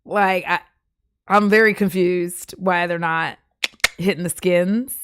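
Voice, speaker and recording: A woman's voice: lowish voice, fairly even intonation, takes it slowly, fairly bright tone, smooth, no echo. Young woman, streamer, chatty, giggly, dry close mic. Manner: chatty, giggly, lots of fillers. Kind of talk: casual live-stream chat.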